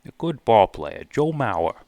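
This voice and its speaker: A man hosts a live stream, casually reacting to and reading viewer comments aloud, thinking out loud with loose, profane asides. His voice is on the low side, sing-song and unhurried, in a dry recording.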